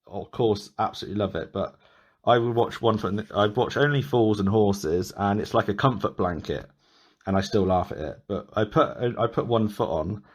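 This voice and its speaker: A man hosts a podcast in casual chat, rambling along with frequent restarts and small laughs. His voice sits somewhat low. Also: moderate pace, slightly rough. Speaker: podcast host.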